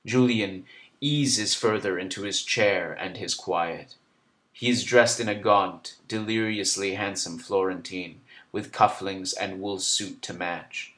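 A man narrating a first-person literary story in a measured, introspective way. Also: sits low, pushed and bright.

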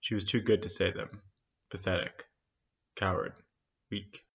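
A man narrating a short story in a steady, measured reading, on a dull lo-fi recording. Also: deep voice, gravelly. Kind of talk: scripted fiction reading.

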